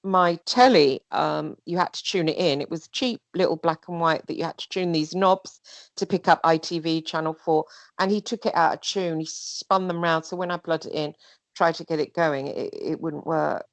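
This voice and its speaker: A woman telling a personal story in casual chat, rambling and animated, sometimes mimicking other people. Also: low voice, moderate pace, no room sound. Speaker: guest.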